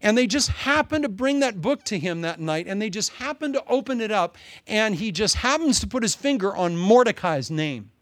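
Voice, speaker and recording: A male pastor preaching a sermon, telling a story with lively, humorous asides. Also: high voice, normal speed, few pauses, no room sound.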